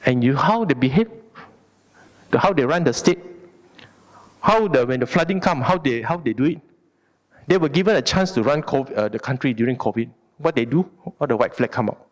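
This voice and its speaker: A man with a Malaysian English accent giving a Buddhist Dharma talk in an animated, colloquial and emphatic way. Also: medium pitch, brisk, long pauses. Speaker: Dharma speaker. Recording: long hall reverb.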